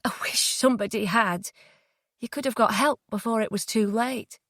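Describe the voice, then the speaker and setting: A woman reading the lines of a frightened young woman who stays tense and tries to talk gently. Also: a little high, moderate pace, dry recording, clean studio sound. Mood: gentle. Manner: tense, pleading, trying to stay calm.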